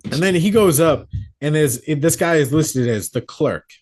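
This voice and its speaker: Guy on a horror podcast going thru a movie plot, kinda high voice, swears a lot, does the characters' lines. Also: a little slow. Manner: swearing, animated retelling with quoted character voices. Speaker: podcast co-host. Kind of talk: casual movie recap. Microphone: podcast mic.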